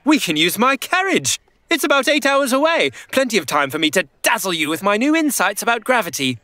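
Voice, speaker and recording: A man's voice: high voice, very animated, a little fast, sharp tone, full character voice. A man playing an eager, long-winded Isaac Newton in a children's audio drama. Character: Isaac Newton, eager know-it-all 17th-century scientist. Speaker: character actor.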